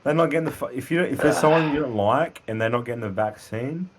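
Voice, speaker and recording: A man, co-hosting a casual podcast with blunt, crude, deadpan jokes. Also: medium pitch, fast. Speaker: podcast co-host. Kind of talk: casual chat. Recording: noisy home recording.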